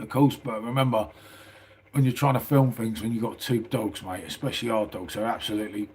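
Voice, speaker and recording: A man's voice: mid-range voice, darkish tone, husky. A middle-aged man with a southern English accent, chatting casually on a live stream from a small house, saying "mate" a lot and swearing freely. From England.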